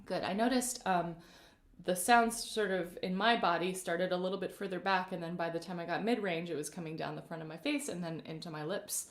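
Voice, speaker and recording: A woman vocal coach leading a live-streamed warm-up, speaking gently and encouragingly and greeting viewers by name. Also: lowish voice, steady tone, a little fast. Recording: roomy echoey live-stream audio.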